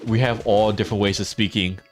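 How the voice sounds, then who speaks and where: A man's voice: lowish voice, fairly even intonation, a little fast. A man from Connecticut with a Connecticut accent, chatting casually on a game stream, rambling and laughing often as he answers chat. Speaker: gaming streamer.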